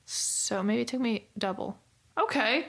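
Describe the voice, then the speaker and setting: A young woman hosting a casual book club podcast, bubbly and quick to laugh, with lots of "like". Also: fairly high pitch, animated, vocal fry, fairly bright tone. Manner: bubbly, laughs often, says "like" a lot.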